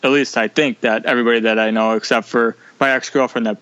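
A man's voice: medium pitch, steady tone, fast talker, a bit bright, clean tone, no room sound, muffled recording. A man talking candidly on a video call, rambling and opinionated as a guest. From United States. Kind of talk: casual video-call interview.

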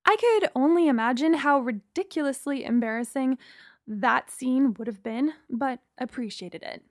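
High-voiced young woman narrating a story. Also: dry recording, studio quality. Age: young adult. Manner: reflective and measured. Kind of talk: scripted first-person story narration.

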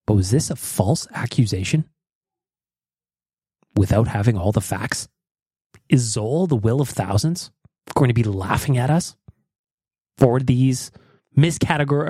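A man's voice: mid-range voice, dark tone, no room sound, clean studio sound. A man from North America hosting a podcast, joking and theatrical. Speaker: podcast host. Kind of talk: casual podcast chat.

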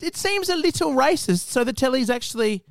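An Australian man co-hosting a podcast, delivering sarcastic deadpan jabs in casual chat. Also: very high voice, fairly quick, creaky, dry recording, studio quality. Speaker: podcast co-host.

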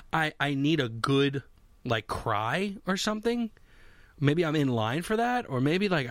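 Young man, slightly high voice, dry sound, rambling and profane, talking alone at home. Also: fairly bright tone, dry recording. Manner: rambling, swearing, self-mocking. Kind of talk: casual solo monologue. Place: home basement.

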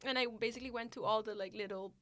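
A woman's voice: on the high side, fast. A woman born in Italy, an off-road racing driver, telling stories in a casual interview, acting out quotes and laughing often. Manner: animated, acts out quoted voices, laughs often.

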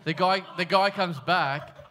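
A man co-hosting a live podcast, telling animated anecdotes and laughing along. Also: high-pitched, a little slow, crowd noise. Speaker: podcast co-host. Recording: live room with audible noise.

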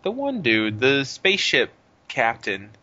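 A man's voice: medium pitch, unhurried, muffled recording. A man co-hosting a podcast in casual chat, rambling and swearing freely. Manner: animated, profane, rambling. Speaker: podcast co-host.

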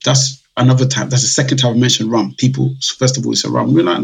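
A man's voice: mid-range voice, steady tone, quick pace, vocal fry, few pauses, breathy edge, low-quality recording. A man, a drinks business founder telling stories in a casual podcast interview, acting out his customers' voices. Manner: chatty storyteller, acts out customers' voices. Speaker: guest, drinks brand founder.

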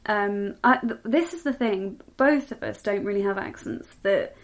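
A woman's voice: medium pitch, moderate pace. A woman from the southwest of England with a modern received pronunciation accent, co-hosting a podcast as casual chat and laughing often. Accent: modern received pronunciation, English. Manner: chatty, laughs often, self-deprecating. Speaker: podcast co-host.

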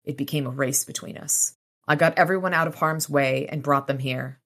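A woman voicing a young male vampire from a novel in a quiet, flat, slightly lowered voice while reading aloud. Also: moderate pace. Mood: guarded.

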